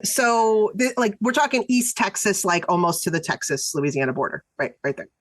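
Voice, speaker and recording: A young adult woman co-hosting a true-crime podcast, telling the story in a chatty, animated way and laughing often. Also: mid-range voice, normal speed. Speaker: podcast co-host. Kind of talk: casual true-crime chat.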